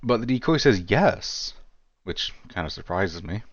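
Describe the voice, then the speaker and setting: Male commentary creator, slow deep-ish delivery, casual rambling, muffled lo-fi sound. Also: sing-song, no echo. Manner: rambling, heavy on fillers like "you know" and "like"; wry, self-deprecating asides. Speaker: true-crime commentary creator. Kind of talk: casual video commentary reading chat logs.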